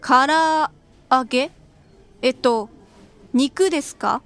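A woman's voice: high voice, slow, a bit bright, exaggerated voice. A woman voicing a young woman customer asking about dishes in a scripted lesson dialogue. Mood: curious. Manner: curious, questioning.

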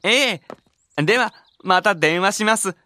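A woman's voice: medium pitch, lively intonation, brisk, sharp tone. A woman playing a polite learner in a scripted language-course dialogue, speaking in formal phone talk.

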